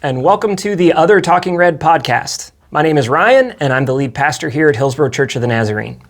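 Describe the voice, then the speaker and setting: A man's voice: on the high side, brisk. Man lead pastor hosting podcast. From United States. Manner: teasing, then steady explaining. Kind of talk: casual podcast chat.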